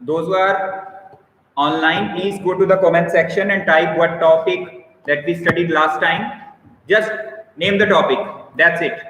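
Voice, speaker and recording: A man's voice: on the high side, steady tone, a little slow, bright, forceful tone, heavy reverb, in a large hall, a little hiss or hum, low-quality recording. A man with an Indian English accent teaching a biology class online, explaining patiently and calling on students by name. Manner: instructive, repeats points, calls on students by name. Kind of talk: live online class lecture.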